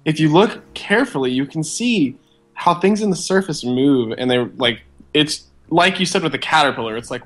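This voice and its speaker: A man's voice: a little high, lively intonation, normal speed, fairly bright tone. Rambling man chatting on a podcast. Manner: rambling, enthusiastic, many fillers. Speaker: podcast co-host. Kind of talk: casual chat.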